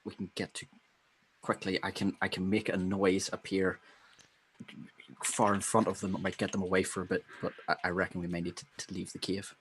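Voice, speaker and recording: A man playing his adventurer character in a tabletop game, speaking in a halting whisper with restarts. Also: deep voice, level tone, slight background noise, pitched below the performer's own voice, natural voice, rough recording. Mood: urgent. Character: adult male adventurer whispering a plan.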